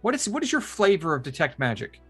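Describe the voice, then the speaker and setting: A man narrating as dungeon master in a tabletop game, halting and restarting his sentences. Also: on the high side, wildly swooping pitch, sharp tone, faint music behind.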